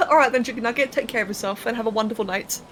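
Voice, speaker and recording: A woman's voice: fairly high pitch, quick pace, slight background noise, poor audio. A young woman live-streaming a game, thinking aloud as she builds, counting under her breath and chatting to viewers with casual swearing. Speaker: livestreamer.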